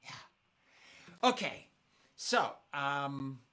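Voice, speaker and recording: Man, family-show host; playful storyteller chatting with kids online, bright voice, lively ups and downs. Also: medium pitch, very slow. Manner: playful, storytelling, reads viewer comments aloud. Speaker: children's musician hosting a live family concert. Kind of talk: casual chat with online audience.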